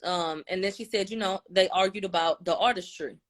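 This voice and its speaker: A woman with a mid-range voice talking casually as she recaps events. She relays what different people said, changing her tone and loudness as she quotes them. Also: mid-range voice, fairly quick. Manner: conversational, retelling quotes with shifts in tone and loudness. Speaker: commentator.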